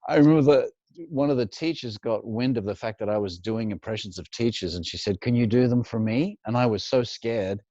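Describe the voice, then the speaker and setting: A man's voice: on the low side, a little fast, a little mellow, no echo, dull audio. A man from Australia, a guest impressionist telling stories in a chatty way, laughing often and repeating words as he starts. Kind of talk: casual interview storytelling.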